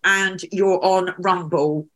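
A woman's voice: lowish voice, fairly even intonation, takes it slowly, fairly bright tone. A woman hosting a casual podcast interview, chatty and effusive. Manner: chatty and effusive, laughing often. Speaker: podcast host.

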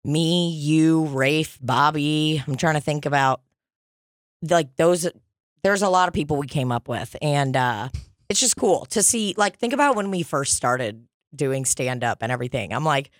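A woman comedian chatting casually on a podcast, telling profane, animated stories. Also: low voice, a little slow, no room sound, studio quality.

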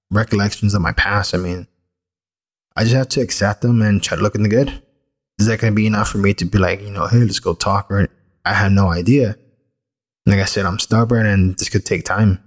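A middle-aged man with a fairly low voice speaks candidly and reflectively, like someone recounting a personal story on his own podcast. He talks in a loose, conversational way, full of everyday fillers.

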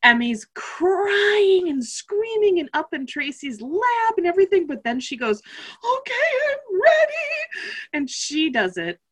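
A woman chatting casually about her family, an animated storyteller who laughs often and acts out the voices of others. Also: high voice, unhurried, few pauses. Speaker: parent telling a family story. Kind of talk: casual chat.

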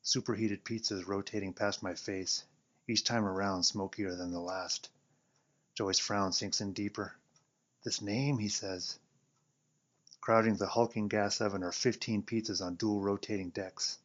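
Guy reading his story out, sardonic and dry, kinda low voice, dull lo-fi sound. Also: steady tone, a little slow, fairly bright tone. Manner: wry, sardonic narration. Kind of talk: first-person story reading. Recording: dull lo-fi recording.

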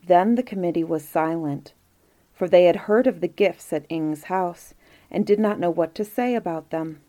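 A woman reading a fairy tale aloud as storyteller, calm and measured. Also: on the low side.

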